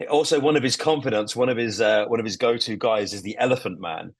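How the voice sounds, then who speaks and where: A man's voice: medium pitch, fast, slightly rough, dry recording. Man, podcast chat, enthusiastic, swears a lot, dry close sound. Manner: enthusiastic, swearing, acting out scenes. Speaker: podcast co-host.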